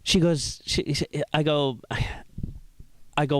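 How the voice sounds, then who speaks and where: A middle-aged man from Iraq, performing a stand-up set with deadpan delivery and quick voices for the people he quotes. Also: fairly high pitch, dry recording. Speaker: stand-up comedian. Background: audience laughter.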